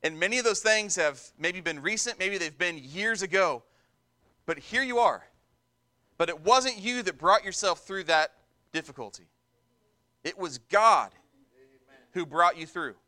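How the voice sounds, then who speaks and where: Male pastor, sermon delivery, bright and high-pitched, emphatic and repetitive. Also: expressive, a little slow, long pauses. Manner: emphatic preaching, repeats words for stress.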